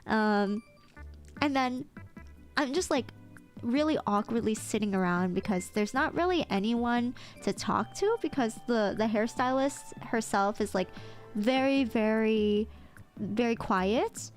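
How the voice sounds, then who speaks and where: A woman's voice: fairly high pitch, lively intonation, unhurried, faint music behind. A woman streamer chatting casually, telling a story with lots of fillers and stammers.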